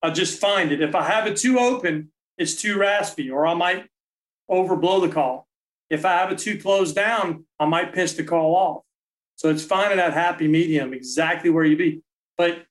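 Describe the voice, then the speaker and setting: Guest man, slightly high voice, practical and plainspoken, explains step by step. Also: moderate pace, low-quality recording. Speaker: guest, call maker. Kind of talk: casual technical explanation.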